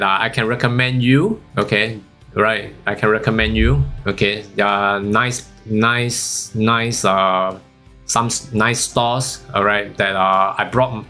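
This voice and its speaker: Singaporean male stream host, casual and unhurried, giggly asides, light guitar music underneath. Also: mid-range voice, a bit bright. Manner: chatty, giggly, lots of "okay" and "huh". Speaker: forex live-stream host. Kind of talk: casual chat during live trading.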